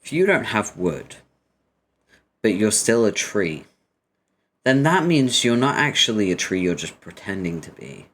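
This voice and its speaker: A man's voice: on the low side, sing-song, measured pace, pauses often, a bit bright. Teasing, swearing British man. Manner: teasing, profane, banter with chat. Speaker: webcomic reader and streamer. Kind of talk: casual chat.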